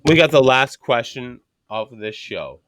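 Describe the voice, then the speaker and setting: A man hosts a relaxed podcast conversation, with a voice of middling pitch that sounds dry and close to the mic. He talks bluntly and swears freely, and he throws himself into his storytelling. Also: measured pace, no room sound. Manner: blunt and profane, animated storytelling. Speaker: podcast host and rebar worker. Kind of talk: casual podcast chat.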